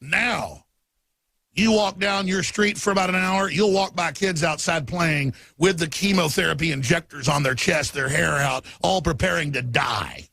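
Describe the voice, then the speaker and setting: A man hosting a talk radio show, delivering an emphatic, ranting monologue. He piles up lists of numbers and swings between quiet intensity and angry outbursts. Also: on the high side, normal speed, gravelly, no room sound.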